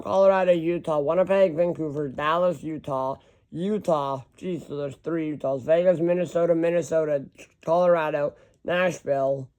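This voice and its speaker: A man in casual solo commentary, rambling and correcting himself as he reads long lists of teams aloud. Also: on the high side. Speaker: hockey fan ranking team schedules.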